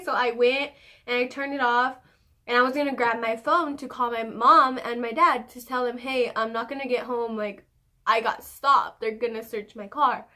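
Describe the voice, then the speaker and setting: A woman's voice: fairly high pitch, moderate pace. Chatty young woman telling a story. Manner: animated, swears often, laughs while telling. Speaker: vlogger. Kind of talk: casual storytime vlog.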